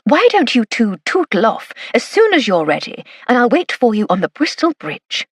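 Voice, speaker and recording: Woman voicing a spirited lady of rank, well-spoken, lively ups and downs. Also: a little high, normal speed, no echo. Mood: playful. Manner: bright, theatrical, well-spoken. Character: playful, spirited aristocratic lady.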